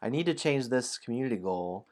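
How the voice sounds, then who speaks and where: This stream host speaks brisk and mid-range, with lively intonation and a slightly mellow quality. Between casual, playful, apologetic chat with his viewers, he narrates a storybook and laughs frequently.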